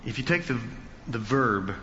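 Male preacher, bright forceful voice, long hall reverb, dull lo-fi sound. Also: mid-range voice, animated, moderate pace, slight background noise. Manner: emphatic, rising to loud peaks. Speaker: pastor. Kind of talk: expository sermon.

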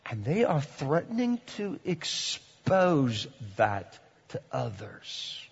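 A man preaching a sermon in a church, swinging between loud, dramatic lines and hushed, drawn-out ones. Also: on the high side, big pitch swings, creaky, breathy edge, big-room sound, lo-fi sound. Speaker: pastor. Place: church hall.

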